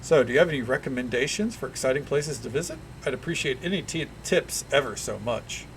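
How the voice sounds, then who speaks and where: A man's voice: mid-range voice, expressive, fairly quick, slight background noise, natural voice. A man voicing a cheerful, chatty male halfling tourist, bubbly and over-eager in a sing-song way.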